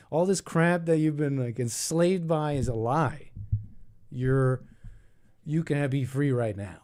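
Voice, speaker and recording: Rambling, animated young male host. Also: a little high. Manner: rambling, animated, thinking aloud with many restarts. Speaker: call-in show host. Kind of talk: casual call-in talk.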